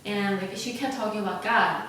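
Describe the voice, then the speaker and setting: A young woman mukbang vlogger eats while telling a casual, rambling story packed with "like" and "you know." Her voice is medium-pitched and fairly bright with fairly even intonation at normal speed, but she's off-mic and distant in a large, sparsely furnished new apartment room that echoes heavily, with a faint hiss.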